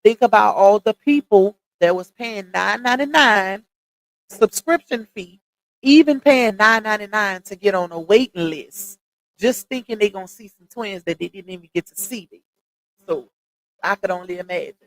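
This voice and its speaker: A woman's voice: medium pitch, moderate pace, rough recording. A woman hosting a late-night livestream, chatting casually and addressing viewers directly as she gossips. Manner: chatty, talks straight to viewers with "y'all" and "child". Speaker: livestream host.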